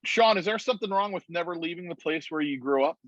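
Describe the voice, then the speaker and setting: A man talks over a video call, rambling and animated, with a slightly raised pitch. The room sounds dry and close, and the call audio is muffled and dull. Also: fast talker, dry recording. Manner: rambling, animated retelling with many "like"s. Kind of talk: casual storytelling on a video call.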